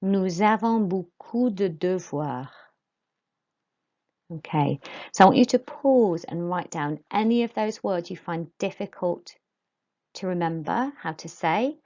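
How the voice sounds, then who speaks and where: A woman teaching a French pronunciation lesson to pupils, modelling words slowly for them to repeat. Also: lowish voice, warm tone, highs cut off.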